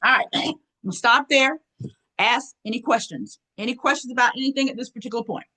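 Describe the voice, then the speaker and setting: Woman workshop host, slightly high voice, folksy and lively, clears throat often, video-call mic. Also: fast talker, low-quality recording. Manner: lively, folksy, calls audience girl and y'all. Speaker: workshop presenter. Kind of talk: live online workshop teaching.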